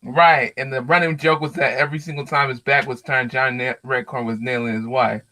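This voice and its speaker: A man's voice: medium pitch, fairly even intonation, brisk, pushed and bright. A man from Africa, a guest on a casual panel podcast, chuckling and bashful at first, then matter-of-fact.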